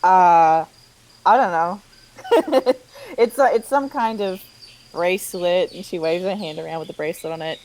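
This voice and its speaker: A woman's voice: lowish voice, a little slow, darkish tone, a little hiss or hum, low-quality recording. Laid-back woman playing in character. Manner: casual, giggly, chatty. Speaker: player. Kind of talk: in-character tabletop role-play.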